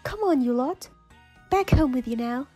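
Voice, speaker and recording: A woman voicing a cool young female rival trainer in an attempted British accent, reading game dialogue aloud in a calm, apologetic way. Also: high voice, normal speed, breathy edge, faint music behind.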